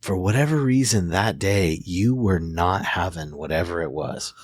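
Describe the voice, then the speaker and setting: A therapist in his forties hosts a casual podcast conversation, telling reflective stories and frequently restarting sentences. His voice sits low with lively intonation at a moderate pace, and there's no echo.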